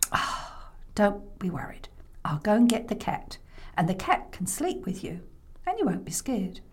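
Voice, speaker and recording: Storyteller doing a frazzled old granny, hushed coaxing then exasperated, slow and drawn out. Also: female voice, mid-range voice, big pitch swings, whispered. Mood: soothing. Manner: alternates soft hushed soothing with exasperated cries. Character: fussy exasperated grandmother, soothing then fed up.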